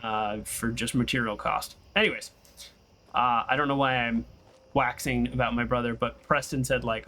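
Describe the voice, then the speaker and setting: A man's voice: mid-range voice, fairly even intonation, moderate pace, sharp tone. A young man hosting casual gameplay commentary. He chats and tells long side stories while he plays. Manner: rambling and chatty, tells stories while playing. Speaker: gaming channel host. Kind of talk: casual let's-play commentary.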